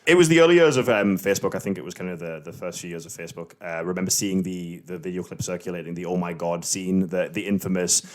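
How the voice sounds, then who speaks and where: A man's voice: low voice, fast, hardly any pauses. A man in his late twenties hosting a casual podcast chat with friends, rambling and hesitant, swearing freely. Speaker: podcast host.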